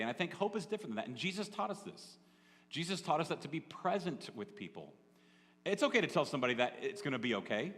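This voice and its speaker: A pastor delivers his sermon as a casual, chatty story, breaking off for asides to the congregation. He speaks with a fairly bright voice on the high side, recorded in the echoey hall of a church sanctuary.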